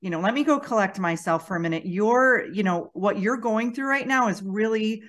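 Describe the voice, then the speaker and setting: A woman's voice: mid-range voice, normal speed, a bit bright. A woman hosts an interview podcast in a mid-range voice. She speaks reflectively and conversationally, circling back and restarting her sentences as she thinks aloud. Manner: reflective, many restarts and "you know". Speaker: podcast host.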